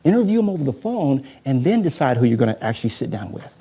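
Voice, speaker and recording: A man's voice: medium pitch, fast talker, breathy edge. A man training real estate agents at a live seminar. He talks energetically, keeps asking "right?" and acts out sales scripts with a volunteer from the audience. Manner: energetic, peppers talk with "right?" and questions to the audience.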